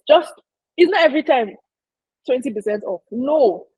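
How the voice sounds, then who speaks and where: A woman's voice: sits high, lively intonation, normal speed, darkish tone, breathy edge, dry recording, rough recording. A woman giving an informal marketing lesson, chatty and emphatic, speaking straight to her listeners. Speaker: business marketing presenter. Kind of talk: informal teaching talk.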